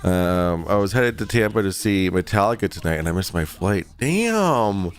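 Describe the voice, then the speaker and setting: A man's voice: sits low, fairly even intonation, brisk, soft background music. A tired man hosting a casual livestream from his home, rambling and swearing freely. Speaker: streamer host.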